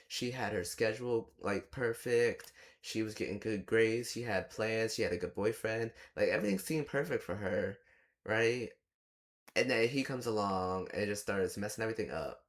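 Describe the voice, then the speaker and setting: A man's voice: fairly low pitch, moderate pace. A young man giving a rambling, exasperated casual movie review, often slipping into mock quotes of the characters. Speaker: movie reaction host.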